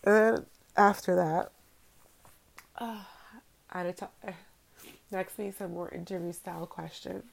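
Chatty woman with a lowish voice. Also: fairly even intonation, measured pace, creaky, long pauses. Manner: chatty, heavy on fillers like "you know" and "like". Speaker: vlogger. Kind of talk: casual storytime monologue.

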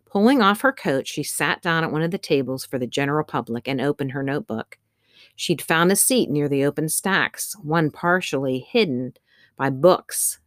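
A woman narrating a children's storybook with steady storytelling. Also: low voice, dry recording, clean studio sound. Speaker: audiobook narrator. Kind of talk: scripted narration.

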